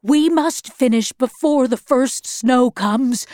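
A woman reading aloud, voicing a grim, weary gray-haired old man who speaks gravely. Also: high-pitched, slow, darkish tone, no echo, clean studio sound.

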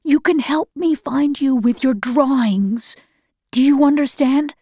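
A woman reading the lines of a worried, gentle father in a storybook, soft and urgent. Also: sits high, measured pace, no echo, studio quality.

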